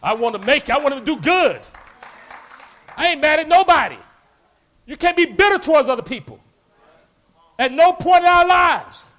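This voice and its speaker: A man preaching a sermon, animated, acting out quoted voices and breaking into shouts. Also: very high-pitched, moderate pace, long pauses.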